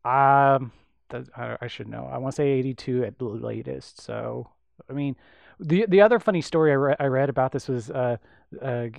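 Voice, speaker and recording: A man co-hosts a podcast, talking casually about a film and wandering through his stories with plenty of ums and false starts. His voice sits at an ordinary pitch, and the recording is dry and close with no room sound. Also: normal speed, creaky, a little mellow, no room sound. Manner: rambling with many fillers and restarts. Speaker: podcast co-host.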